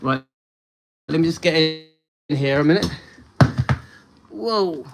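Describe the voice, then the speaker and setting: A man's voice: on the high side, lively intonation, slow pace, very noisy. Earnest rambling man vlogging. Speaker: channel host. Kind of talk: casual vlog talk to camera. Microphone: handheld phone.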